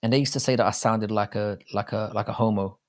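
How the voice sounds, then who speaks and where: A British man talks through a live stream, his voice sitting a little low. He rambles loosely and swears freely, in a chatty, off-the-cuff way. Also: steady tone, fast. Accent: British English. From Britain. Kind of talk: casual live chat.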